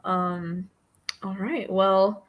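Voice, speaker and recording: A woman's voice: mid-range voice, little pitch movement, extremely slow, lo-fi sound. A young woman hosting a casual live book chat over a video call, chatty and full of "like" and laughs. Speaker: host.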